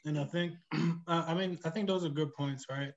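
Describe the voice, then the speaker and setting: A man's voice: fairly high pitch, moderate pace, highs cut off. A man who runs a short-term rental, talking reflectively in a casual podcast chat and tagging his points with "right?". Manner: reflective, many "right?" tags and restarts.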